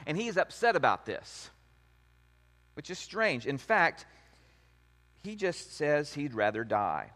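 Man preaching, fairly high voice, conversational and animated, long hall reverb. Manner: conversational, animated, acts out quotes with rising pitch. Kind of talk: sermon on scripture.

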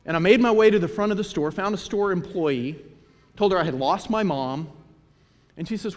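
Delivering a sermon at a moderate pace, a pastor whose voice sits a little high brings scripture and childhood memories to life through animated storytelling. His words echo with a long hall reverb.

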